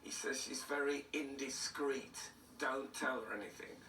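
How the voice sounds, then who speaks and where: A bright, forward-toned older man, hoarse and throaty, trading dry, self-mocking anecdotes. He sits in a roomy studio, heard from a little way off, with faint ambience behind him. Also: mid-range voice, steady tone, a little slow, recorded from a distance, a little hiss or hum. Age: 60s. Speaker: comedian guest. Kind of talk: casual chat interview.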